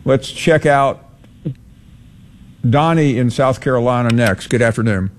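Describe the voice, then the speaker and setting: A man's voice: medium pitch, measured pace, slight background noise. A man hosting a sports call-in radio show, answering callers with lots of hesitation. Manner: hesitant, many uhs.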